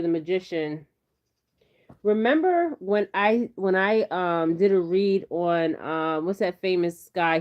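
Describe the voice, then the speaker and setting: Woman tarot vlogger, lower voice, loose rambling chat, dull home-video sound. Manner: chatty, rambling, frequent "okay?" tags. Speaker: tarot reader. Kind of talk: casual tarot reading vlog. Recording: slightly dull lo-fi audio.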